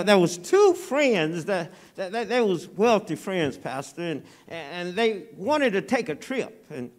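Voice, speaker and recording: A man preaching as a guest in a church, folksy and conversational with frequent stammered repeats. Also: high voice. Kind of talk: Baptist sermon. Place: church sanctuary.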